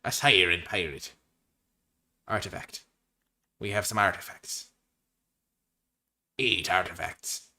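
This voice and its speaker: A man talks through his picks in a casual, thinking-aloud commentary. His voice sits low but sounds bright and forceful, with sudden bursts of excitement. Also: slow, pauses often. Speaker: card game streamer. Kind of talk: casual commentary while drafting.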